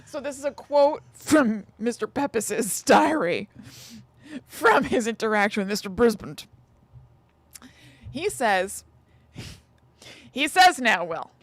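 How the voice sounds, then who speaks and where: A woman's voice: on the high side, expressive, slow, pauses often, no echo. A woman co-hosting a podcast, chatting casually and reading an old text aloud, correcting herself and giggling. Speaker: podcast co-host.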